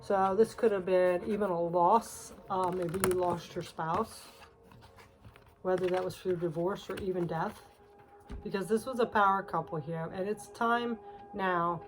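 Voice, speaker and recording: Faint music plays behind a tarot reader whose lowish voice is fairly even and unhurried. She speaks casually and confidingly, emotional and close to crying, with many fillers and soft laughs. The recording quality is low.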